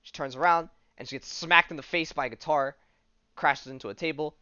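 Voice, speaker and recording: A man's voice: fairly high pitch, fairly even intonation, a little fast, highs cut off, a crowd in the background. A man hosting a podcast, recapping a comic in a loose, rambling way with lots of "like" and "um". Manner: rambling, full of "like" and "um", paraphrases dialogue loosely. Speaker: podcast host. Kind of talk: casual comic-book recap.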